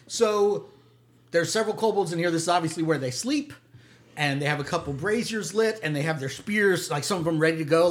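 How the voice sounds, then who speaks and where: A game master narrating a tabletop role-playing session in a lively, joking way, often breaking into laughter. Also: medium pitch. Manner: lively, laughing, quick asides.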